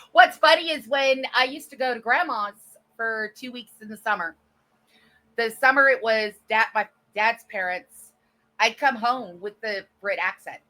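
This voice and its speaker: A woman's voice: on the high side, unhurried, long pauses, pushed and bright. A woman from the Northeastern United States with a Texan accent, chatting casually as a podcast guest and jumping from one thought to the next. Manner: chatty, jumps between thoughts. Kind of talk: casual chat.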